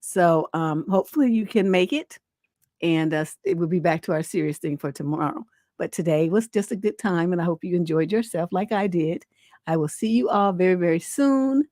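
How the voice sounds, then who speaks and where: A woman's voice: on the low side, normal speed, no echo, studio quality. Laughing woman hosting a live stream. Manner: laughs often, reacts loudly, quotes people in playful voices. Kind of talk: casual live stream chat.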